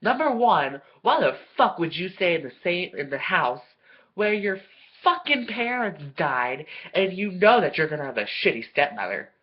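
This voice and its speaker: A vlogger ranting to camera in a profane, sarcastic way, swearing constantly and breaking into loud bursts of outrage. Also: mid-range voice, big pitch swings, normal speed, husky. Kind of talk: profane comedic rant to camera. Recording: dull lo-fi recording.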